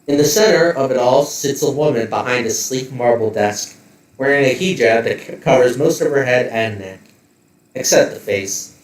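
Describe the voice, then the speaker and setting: A man's voice: medium pitch, expressive, moderate pace, roomy sound, far from the mic, poor audio. A man narrating as game master of a tabletop role-playing game, describing scenes in detail and adding joking asides.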